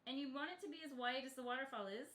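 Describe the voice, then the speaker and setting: A woman's voice: sits high, rapid-fire, a bit bright. Woman, painting instructor, casual chatty lesson, frequent laughs, echoey studio. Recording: echoey room.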